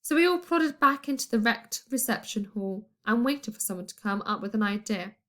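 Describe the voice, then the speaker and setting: A woman reading a children's storybook aloud in a playful, expressive way. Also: on the high side, moderate pace. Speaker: audiobook reader. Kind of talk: storybook narration.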